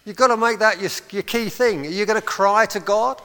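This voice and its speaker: A man's voice: sits high, fairly quick, sharp tone, a little hiss or hum. A man preaching a sermon as pastor, with impassioned appeals and short laughs between his points. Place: church hall. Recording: long hall reverb.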